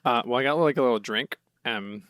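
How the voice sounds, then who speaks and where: A man with an ordinary middle-pitched voice chats in a relaxed way, laughing easily while recapping events. He is recorded close and dry, with no room echo. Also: brisk, smooth. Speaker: podcast co-host. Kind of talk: casual podcast chat.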